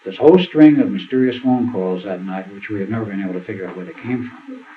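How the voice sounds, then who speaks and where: A man's voice: on the low side, quick pace. An older man telling long anecdotes at a seminar in a rambling way, acting out the quotes. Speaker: seminar speaker. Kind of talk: storytelling talk at a seminar. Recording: tinny phone-like sound with faint hiss.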